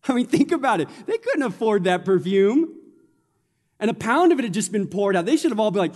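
A man with a fairly high voice preaches to his congregation, with a loose, conversational delivery and playful asides. His voice rings out with a long reverb from the church hall. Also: sing-song, brisk, darkish tone. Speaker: pastor. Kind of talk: sermon. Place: church sanctuary.

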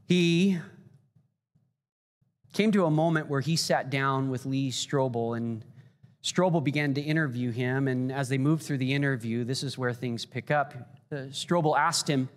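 A man's voice: mid-range voice, unhurried, in a large hall. A man preaching a sermon as a pastor, talking earnestly with frequent fillers and building intensity.

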